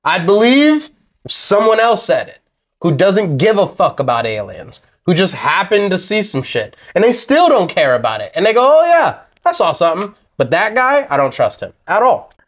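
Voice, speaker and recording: A man's voice: sits high, big pitch swings, moderate pace. A young man co-hosting a casual podcast, arguing bluntly and sarcastically, with lots of swearing. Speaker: podcast co-host. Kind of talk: casual chat.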